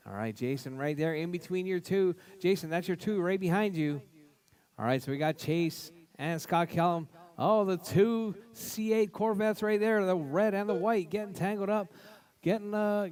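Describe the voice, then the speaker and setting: A man announcing and commenting on a small radio-controlled car race at a local track. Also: sits high. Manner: loud calls of grid spots, chatty play-by-play.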